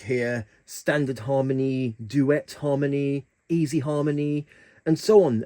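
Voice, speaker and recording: A man's voice: medium pitch, dark tone. A man hosting a keyboard tutorial, talking casually through the settings with plenty of fillers and restarts. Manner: chatty, hesitant with fillers and restarts.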